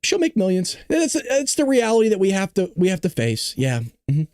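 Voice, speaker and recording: A man's voice: sits high, huge pitch swings, a little fast, a little mellow, clear, resonant tone, no echo, clean studio sound. A podcast host reading an article aloud and mocking it, breaking into laughter as he goes.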